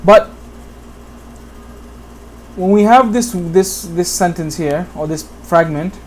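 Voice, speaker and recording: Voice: medium pitch, slow, a little mellow, a little hiss or hum. A teacher from Bangladesh giving a whiteboard lesson on Quran pronunciation, patiently repeating examples and often checking in with the listener. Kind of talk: whiteboard tutorial.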